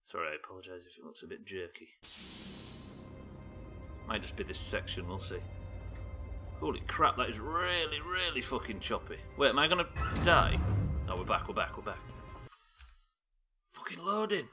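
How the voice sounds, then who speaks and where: A man from the UK streaming a game live, swearing often and reacting loudly between muttered asides. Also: fairly low pitch, big pitch swings, moderate pace, long pauses, over music. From United Kingdom. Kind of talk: live gameplay commentary.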